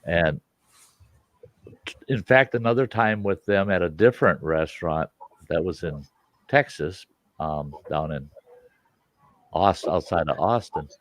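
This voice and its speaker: A man hosting a casual chat, telling lively anecdotes and acting out the people in them. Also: low voice, a little slow, long pauses, dry recording. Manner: animated storyteller, acts out voices in anecdotes. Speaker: host. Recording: dull lo-fi, dry sound.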